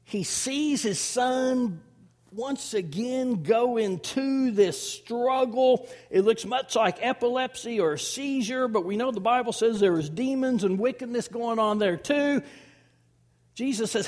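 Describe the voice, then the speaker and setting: A man in his fifties preaching a sermon as pastor, swinging between loud emphasis and hushed, near-whispered lines. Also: extremely high pitch, unhurried. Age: 50s.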